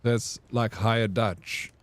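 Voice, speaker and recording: A man's voice: on the low side, steady tone, takes it slowly, no room sound. Chill south african guy streaming, reads chat out and answers, takes his time, dry close sound. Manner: chatty, laid-back, reads and answers chat. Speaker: live streamer. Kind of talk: casual live-stream chat with viewers.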